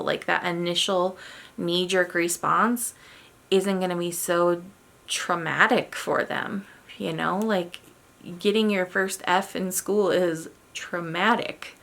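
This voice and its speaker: A woman's voice: on the low side, steady tone, a little slow, gravelly, fairly bright tone. A woman giving an informal parenting talk in a chatty way, often checking in with "right?". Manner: chatty, acts out quoted voices, frequent "right?" and "like". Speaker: parenting workshop presenter.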